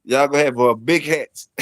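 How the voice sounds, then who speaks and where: A man's voice: a little high, no room sound. A middle-aged man hosting a casual stream, teasing viewers with profane, laughing banter. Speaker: channel host. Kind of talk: casual livestream chat.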